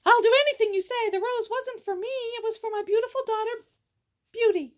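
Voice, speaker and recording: A woman's voice: very high voice, a little fast, a little mellow, pitched above the performer's own voice. A woman voicing a frightened merchant father who pleads melodramatically in a read-aloud story. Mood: pleading. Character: frightened old merchant father begging for mercy.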